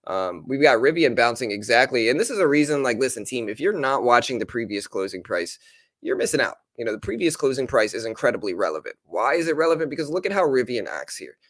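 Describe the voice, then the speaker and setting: A man's voice: mid-range voice, big pitch swings, quick pace, fairly bright tone, no room sound, clean studio sound. A man hosting a live trading stream, talking through stock moves and chatting casually with viewers. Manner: casual, talks straight to chat viewers. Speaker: livestream trading host. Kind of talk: live stock market commentary.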